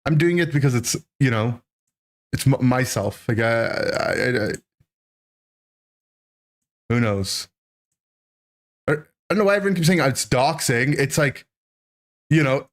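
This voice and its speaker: A man in his thirties, a streamer, telling a childhood story to his chat in an animated, rambling way, full of "right?" and "like". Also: mid-range voice, unhurried, pauses often. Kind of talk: casual storytelling to a live chat.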